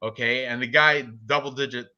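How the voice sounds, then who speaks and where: A man with a bright, forceful voice, rambling through fight picks in casual podcast chat and correcting himself as he goes. His voice comes through a slightly dull, lo-fi recording. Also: medium pitch, steady tone, brisk. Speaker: co-host giving fight picks.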